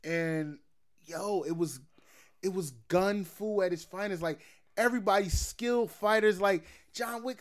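A young man co-hosting a podcast, chatting about a movie in animated, slangy, profane talk. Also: high-pitched, a little slow. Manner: animated, slangy, swears freely. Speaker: podcast co-host. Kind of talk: casual movie chat.

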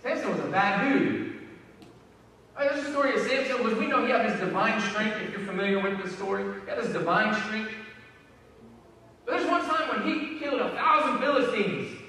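A man preaches to his congregation in a casual, emphatic style, circling back over his phrases as he builds up. His voice is bright and a little high, and it rings around a large hall, picked up from a distance with a faint hum of the room behind. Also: normal speed. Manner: conversational, repetitive, emphatic. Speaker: pastor. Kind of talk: sermon. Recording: echoey hall from far off.

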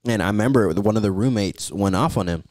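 A man's voice: on the low side, quick pace, a little mellow, no echo. Man, casual chat, swears a lot, acts out quotes, dry close mic. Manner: profane storyteller, acts out quotes.

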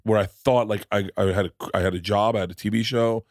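Male podcast host and comic, deep-ish voice, loose rambling anecdotes full of profanity, dead-dry mic. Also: steady tone, quick pace, a little mellow, dry recording. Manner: rambling, restarts sentences, swears freely; acts out quoted people in his stories. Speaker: podcast host and stand-up comedian. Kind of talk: casual storytelling chat.

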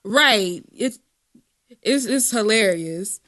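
A woman's voice: medium pitch, expressive, takes it slowly, fairly bright tone. A woman co-hosting a casual gossip podcast, slangy and dramatic, laughing often. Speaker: podcast co-host.

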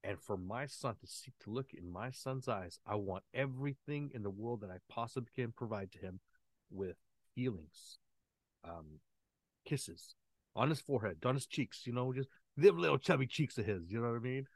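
An earnest man in his forties, talking as a guest in a relaxed, heartfelt interview. His voice moves a lot, rising and falling as he acts out what he says to his kids. The sound is close and dry, with no room around it. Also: mid-range voice, moderate pace, no echo. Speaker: podcast guest. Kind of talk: casual heartfelt interview conversation.

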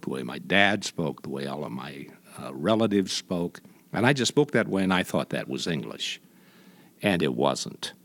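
A man from Indiana, a guest in an interview, telling stories in a halting way with many restarts. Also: sits low. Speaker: guest, voice imitator. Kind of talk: reflective conversational storytelling.

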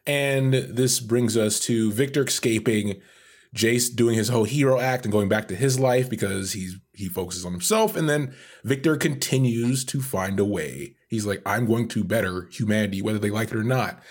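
A man talks through a story on a podcast in a loose, joking way, laughing often. His voice has a husky edge. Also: fairly low pitch, normal speed. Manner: jokey, animated, laughs often. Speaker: podcast co-host. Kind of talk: casual chat.

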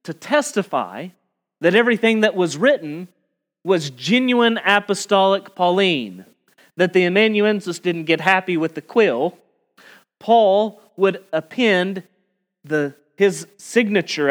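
A male preacher with a high-pitched voice delivers an expository sermon. He leans hard on key words, lifting his voice and slowing his pace to drive each point home. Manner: emphatic, rising on key words and slowing for stress.

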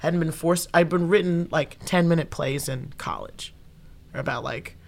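A woman's voice: deep voice, moderate pace, gravelly. A young adult woman, an improv comedian and actor, telling stories in a casual interview and acting out what people said. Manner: animated storyteller who acts out quoted dialogue.

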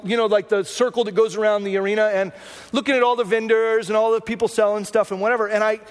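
A middle-aged man preaching a sermon as pastor, telling stories in a chatty, self-mocking way. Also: sits high. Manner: conversational storytelling with self-mocking humor. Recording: long church hall reverb.

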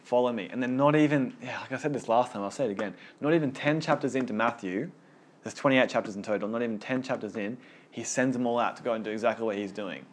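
A man's voice: mid-range voice, quick pace, slight background noise. A man leading a small Bible study group, teaching casually and earnestly, often repeating words as he gets going.

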